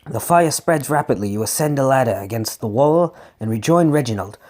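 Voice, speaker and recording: A man's voice: medium pitch, expressive, a little fast, a little mellow. A man reading a text adventure aloud, often tripping over words and correcting himself, with joking asides. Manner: stumbling reading, frequent self-corrections. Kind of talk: casual read-aloud gameplay with asides.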